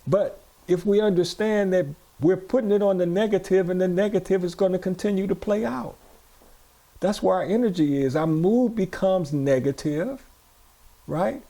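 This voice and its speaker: A man's voice: high voice, moderate pace, dark tone. A male pastor giving a sermon, repeating phrases and asking his congregation questions. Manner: repetitive, call-and-response preaching. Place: church.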